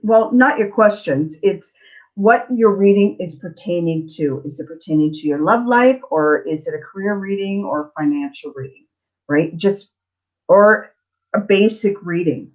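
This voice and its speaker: Here the middle-aged psychic tarot reader's voice is mid-range and a little mellow, her pace measured. She tells a blunt, chatty, digressive story on a live Q&A stream, captured in slightly dull lo-fi audio.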